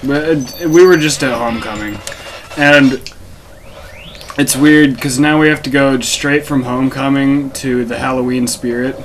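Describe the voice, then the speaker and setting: A man's voice: mid-range voice, fairly even intonation, unhurried. Rambling man playing a video game. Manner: rambling, joking, many restarts. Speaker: let's play host. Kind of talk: casual gameplay commentary. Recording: noisy home recording.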